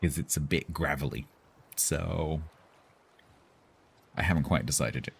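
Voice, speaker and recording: A man's voice: a bass voice, a little slow, creaky, a little hiss or hum. A man streaming live, chatting casually with his viewers about role-play characters in a rambling, self-interrupting way.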